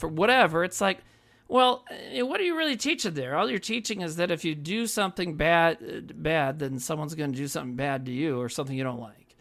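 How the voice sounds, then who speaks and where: A man's voice: sits high, fairly quick, gravelly, fairly bright tone. Earnest, profane man chatting. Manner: profane, earnest, rambling with many fillers. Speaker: podcast co-host. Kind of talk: casual chat.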